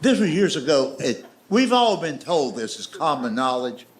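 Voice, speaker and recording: Man, stand-up storyteller, animated pitch, folksy drawl. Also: normal speed. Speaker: stand-up comedian. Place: comedy stage with audience laughter.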